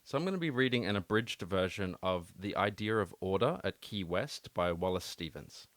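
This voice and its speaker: A man's voice: deep voice, animated, normal speed, few pauses, a bit bright, no echo. A man co-hosting a casual philosophy podcast, asking thoughtful questions and reading poetry aloud. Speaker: podcast co-host.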